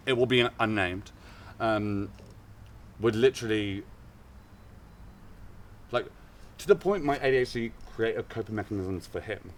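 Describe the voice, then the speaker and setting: A man's voice: on the low side, far from the mic. A man co-hosting a casual mental health chat, rambling and playful in manner. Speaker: co-host.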